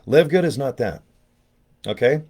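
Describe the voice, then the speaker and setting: A man's voice: medium pitch, expressive, a little slow, darkish tone, husky. An older man talking in a casual, rambling vlog, joking and chatty with a self-deprecating streak. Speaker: network marketing promoter.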